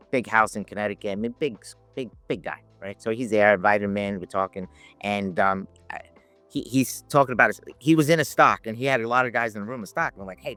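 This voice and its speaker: A man telling lively anecdotes in a casual podcast chat, laughing and acting out the people he quotes. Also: fairly low pitch, dry recording. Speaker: podcast guest, options educator. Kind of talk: casual storytelling.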